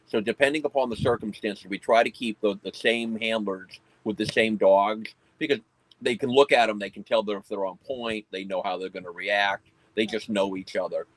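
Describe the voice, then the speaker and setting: Low-voiced man explaining his work plainly. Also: steady tone, moderate pace, rough recording. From United States. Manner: plain, matter-of-fact explaining. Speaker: pest control company owner and dog handler. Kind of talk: casual conversational interview.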